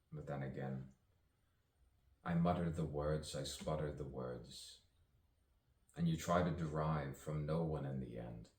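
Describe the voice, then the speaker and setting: With a bass voice of darkish tone, a man who acts and writes poetry improvises spoken word, musing playfully and chuckling between lines. The recording sounds roomy and distant.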